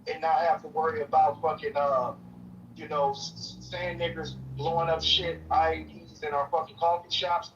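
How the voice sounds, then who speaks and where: A man's voice: a little high, level tone, moderate pace. Fired-up man arguing over a distant lo-fi feed. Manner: profane, repetitive, forceful restarts. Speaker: debate participant. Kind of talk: heated political argument. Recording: distant lo-fi stream audio with faint noise.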